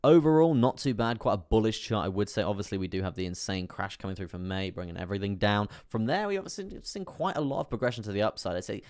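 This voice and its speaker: A man's voice: lowish voice, lively intonation, quick pace, hardly any pauses, no echo, studio quality. A man hosting a live stream, casually talking through charts, repeating himself and reassuring his viewers. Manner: repetitive, reassuring, chatting with viewers. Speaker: crypto live stream host.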